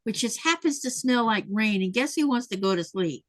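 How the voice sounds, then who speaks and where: A woman's voice: fairly high pitch, animated, moderate pace. A woman hosting a casual sewing livestream, chatting and laughing often as she reads viewer comments aloud. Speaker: livestream host.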